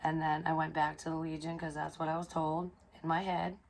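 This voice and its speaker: A woman psychic medium casually telling a personal story, excitable and profane, dropping into hushed asides. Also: deep voice, brisk, a little hiss or hum.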